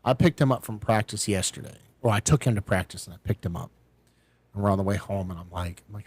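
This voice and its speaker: A middle-aged man, a podcast co-host, telling a family story in casual chat and acting out the quotes with lively ups and downs. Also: on the low side, fast, breathy edge, dry recording. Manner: animated storyteller, acts out quotes.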